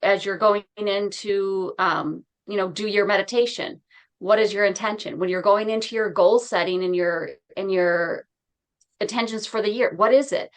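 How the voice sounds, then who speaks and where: A woman's voice: mid-range voice, moderate pace. A woman hosting a radio talk show, upbeat and affirming, chatting with a guest and reading her sign-off. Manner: upbeat, affirming, acts out quotes playfully. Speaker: host.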